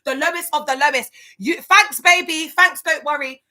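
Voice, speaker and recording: A woman's voice: sits high, normal speed. A woman hosting a casual live stream, outspoken and emphatic, chatting straight to her viewers in slang and calling them babe and love. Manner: lively, slangy, talks straight to the chat with endearments.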